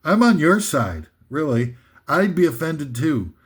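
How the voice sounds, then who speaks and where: Rambling man with a higher voice. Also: unhurried, breathy edge. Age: older. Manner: reads titles flatly, laughs at his own jokes, many fillers and restarts. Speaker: host reading a comic list. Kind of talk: rambling deadpan monologue.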